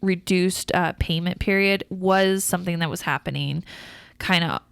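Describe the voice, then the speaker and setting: A woman's voice: on the low side, moderate pace, gravelly, clean tone, dry recording, studio quality. A woman co-hosting a podcast, talking casually and explaining the business side at length, with fillers and restarts. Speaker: podcast co-host.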